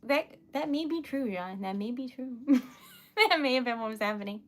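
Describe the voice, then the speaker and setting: A woman livestream host and poet chatting casually and giggling often, with scattered, unhurried talk. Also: a little high, slight background noise. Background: typewriter clacking.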